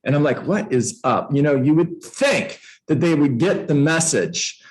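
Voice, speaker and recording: A man who coaches real estate agents, telling a playful story to a room and jumping up in pitch for emphasis. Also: normal speed, rough recording. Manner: animated, playful, uses props, jumps up in pitch for emphasis; addresses listeners by name. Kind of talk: storytelling motivational talk.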